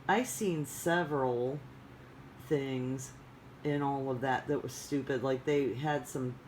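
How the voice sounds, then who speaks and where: Slow, rambling casual vlogger. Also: mid-range voice, slight background noise, rough recording. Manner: rambling, digressive, many fillers. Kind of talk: casual chat.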